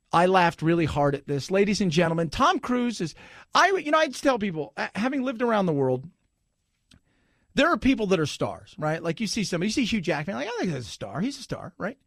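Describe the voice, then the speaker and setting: Lively, gravelly talk radio host man. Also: high voice, no echo, studio quality. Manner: animated, jokey, loud laughs. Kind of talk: casual talk radio banter.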